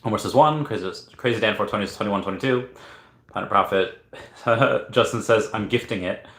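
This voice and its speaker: A man's voice: lowish voice, brisk, fairly bright tone. A man hosting a casual livestream giveaway, playfully reading viewer comments aloud and now and then breaking into silly singing. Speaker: livestream host running a chat giveaway. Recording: echoey room.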